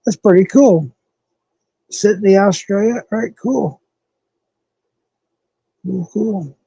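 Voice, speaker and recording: A southwestern American man hosting a casual live stream speaks slowly in a high-pitched voice that is creaky, mellow, and husky. The audio is poor with no room sound, and he rambles loosely, using fillers and self-corrections as he chats with viewers.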